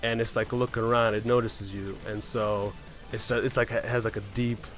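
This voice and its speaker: A man's voice: fairly low pitch, level tone, normal speed, a bit bright, faint music behind. A man casually telling a story about a game run, rambling along and often tagging on "right?" and "man". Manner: rambling, keeps asking "right?" and saying "man".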